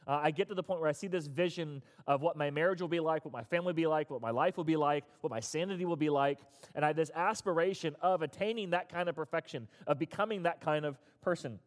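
Man, pastor, emphatic sermon, fairly high voice, long hall reverb. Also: quick pace, hardly any pauses. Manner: emphatic, repetitive, coaxes the audience to respond. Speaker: pastor leading a recovery group. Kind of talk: interactive sermon. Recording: echoey hall.

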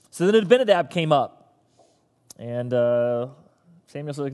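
A man preaching a sermon as pastor, an animated storyteller who acts out the characters. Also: medium pitch, measured pace, pauses often, long reverb tail.

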